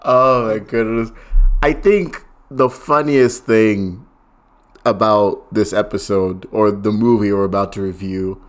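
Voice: mid-range voice, steady tone, slow. A podcast co-host in casual chat who laughs often and rambles.

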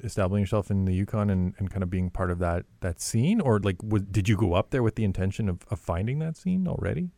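A man's voice: on the low side, lively intonation, fast, vocal fry, hardly any pauses, mellow, dry recording. A male radio interviewer who asks loose, rambling questions full of "like" and restarts. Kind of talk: casual interview.

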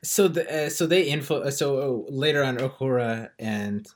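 A podcast co-host chats casually in a film review, rambling with many fillers and restarts as he retells scenes. His voice is mid-range at a normal speed.

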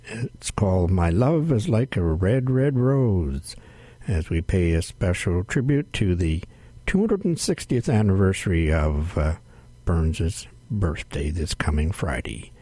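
Low husky-voiced male radio host. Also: animated, mellow, no room sound. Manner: unhurried, with frequent "uh" fillers. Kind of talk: radio music show announcing. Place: radio studio.

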